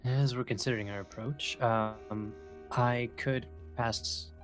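A man's voice: medium pitch, steady tone, takes it slowly, faint music behind. A man playing a tabletop game, easygoing in casual chat, reading rules aloud in a mumble. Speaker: player.

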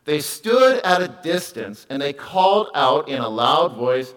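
Man preaching a lively conversational sermon. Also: on the high side, a little slow, rough recording. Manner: conversational preaching, swings from quiet to loud emphatic calls. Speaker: pastor.

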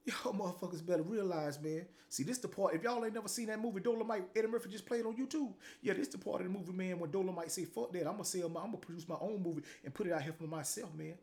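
A man's voice: sits high, fast talker, few pauses, darkish tone. A middle-aged man, hosting a motivational talk show, delivering a blunt, profane, preachy monologue that keeps tagging lines with "man".

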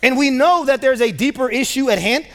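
A man's voice: very high-pitched, brisk, a bit bright. A man preaching a sermon as pastor, telling stories in a casual way with many fillers. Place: large church auditorium. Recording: long reverb of a large church hall.

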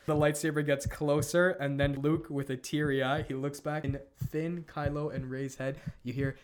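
A man casually retelling a film story as a podcast co-host, laughing often and tossing in quick character quotes. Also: medium pitch, steady tone, a little hiss or hum. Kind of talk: casual animated storytelling chat.

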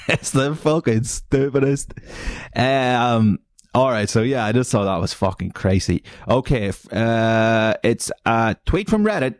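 A man hosting a solo podcast, reading online posts aloud and mocking them with heavy swearing, frequent laughs and sudden high silly voices. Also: expressive, normal speed, darkish tone, dry recording, clean studio sound. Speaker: podcast host.

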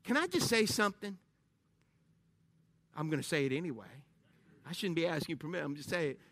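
A man preaching a lively sermon to a congregation in a church, joking and calling out to the crowd as he goes. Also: on the high side, brisk, dry recording. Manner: energetic, joking, call-and-response.

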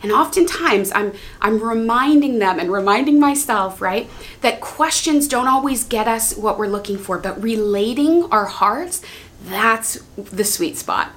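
A woman teaching on prayer in an earnest, gentle way, speaking heartfelt prayers aloud as examples. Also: fairly high pitch, expressive, a little slow.

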